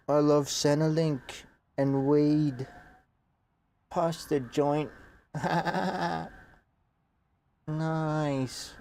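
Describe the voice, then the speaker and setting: A man's voice: on the high side, warm tone, voice pushed up. A man voicing a laid-back stoner Australian bogan with a put-on Australian accent, jokey and drawling.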